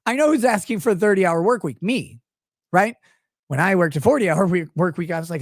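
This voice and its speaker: A man hosting a commentary show launches into a profane, sarcastic rant, his pitch swinging widely as he jeers. The sound is close and dry, with no room around the voice. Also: expressive, brisk, no room sound. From United States. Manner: profane, sarcastic, mocking asides. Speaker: show host. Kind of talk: ranting political commentary.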